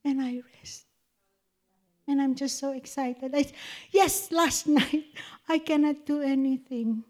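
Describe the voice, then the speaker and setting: A woman's voice: high-pitched, fairly even intonation, takes it slowly, pauses often, darkish tone. A woman giving an emotional devotional testimony, fervent and tearful, often breaking into laughter. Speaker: speaker sharing a Christian testimony.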